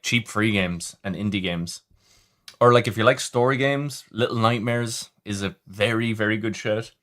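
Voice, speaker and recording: A man's voice: on the low side, fairly bright tone. A man hosting a livestream, chatting casually and rambling as he reads viewer comments. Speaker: livestream host.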